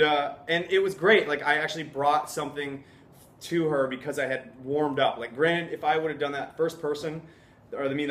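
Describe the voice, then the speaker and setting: A man's voice: medium pitch, a bit bright, slight background noise. A young man vlogging casually, upbeat and chatty, laughing often and acting out what other people said. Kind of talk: casual vlog talk. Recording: echoey room, faint ambience.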